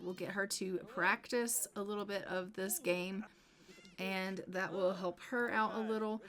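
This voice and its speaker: A young woman talking her way through a life-sim game at an ordinary middle pitch, chatty and teasing. She nags the characters she controls in mock exasperation and slips into hushed asides now and then. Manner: chatty, playfully scolding her game characters, sometimes dropping to a whisper. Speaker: gameplay video host. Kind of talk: casual let's-play commentary.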